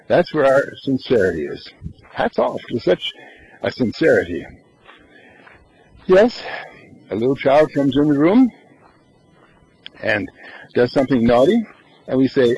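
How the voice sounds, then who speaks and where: A man's voice: medium pitch, a little mellow, poor audio. A man giving an inspirational spiritual talk, who asks rhetorical questions and answers them himself. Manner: acts out little scenes in everyday voices. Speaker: spiritual lecturer.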